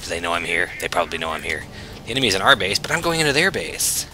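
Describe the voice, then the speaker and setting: A man's voice: low-pitched, very animated, fast talker, background noise. A man casually commenting on his own gameplay as a channel host, chatty and self-mocking, swearing freely.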